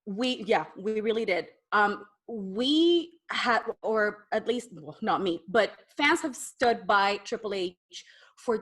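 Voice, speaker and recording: A woman's voice: mid-range voice, expressive, slow pace, slightly rough. A woman co-hosting a wrestling podcast in casual chat, rambling and sighing as she builds her point. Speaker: podcast co-host.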